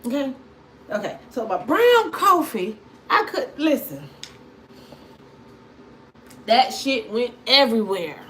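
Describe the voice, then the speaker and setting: A woman, chatting casually with viewers as a tarot reader on a livestream, animated and repetitive. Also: fairly high pitch, slow pace, pauses often, slight background noise. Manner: animated storytelling, repeats phrases, talks to viewers.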